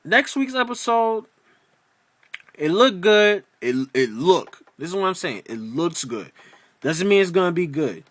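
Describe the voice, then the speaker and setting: A man's voice: sits high, very animated, measured pace, no echo. A man ranting in a casual video review of a TV episode, exasperated and profane, rambling with many restarts.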